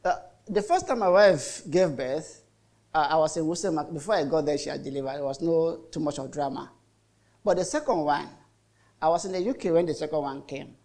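A man's voice: fairly high pitch, a little fast, a little mellow. A middle-aged Nigerian man preaching a sermon as a pastor, telling stories in a chatty way with lots of repetition. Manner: chatty storytelling with repetitions and mock voices.

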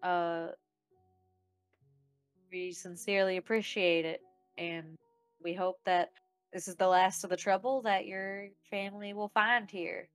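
A woman's voice: fairly low pitch, fairly even intonation, unhurried, pauses often, no room sound, faint music behind. Woman player speaking courteously in character. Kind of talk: in-character role-play.

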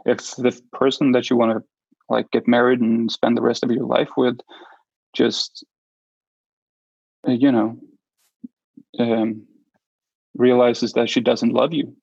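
Gravelly, husky man telling a painful story. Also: mid-range voice, little pitch movement, darkish tone, dry recording, muffled recording. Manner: halting, with many restarts and fillers. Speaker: interview guest. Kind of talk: personal storytelling interview.

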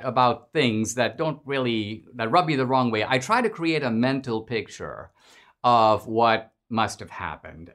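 A man's voice: medium pitch, fairly bright tone. A man hosting a podcast, giving an emphatic, mocking political commentary monologue. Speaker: podcast host.

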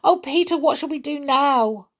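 A woman voicing an anxious young girl in a storybook, speaking in a high, urgent, tearful way. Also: normal speed, a bit bright. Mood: upset.

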